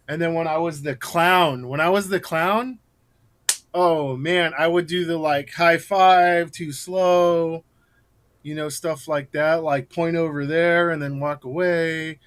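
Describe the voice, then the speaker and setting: A man's voice: on the high side, fairly bright tone. A man, a guest on an interview, telling stories in a loose, rambling way with lots of restarts and laughter. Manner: rambling storyteller, many fillers and restarts, laughs while telling. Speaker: guest scare actor. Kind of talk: casual interview chat.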